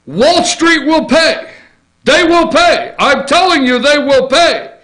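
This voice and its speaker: A man's voice: very high voice, bright, forceful tone, voice pushed up, exaggerated voice, low-quality recording. A man doing an impression of a fired-up elderly politician, repeating himself emphatically in a raised voice. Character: fiery old male politician ranting about banks.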